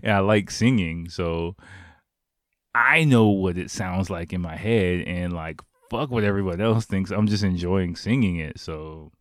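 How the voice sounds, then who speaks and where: A man with a low voice talks through his solo podcast in a loose, rambling way. He swears constantly and laughs at his own stories. The recording is dry, with no room sound. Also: a little slow, no echo. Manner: rambling, profane, laughs often. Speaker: podcast host. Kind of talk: casual solo podcast chat.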